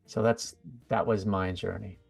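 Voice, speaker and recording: A man's voice: low voice, steady tone, unhurried, gravelly, husky, no room sound, faint music behind. A middle-aged American man, a guest on an interview show, talking casually and rambling with fillers and restarts. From USA. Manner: chatty, rambling with fillers and self-corrections. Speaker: guest, psychic medium.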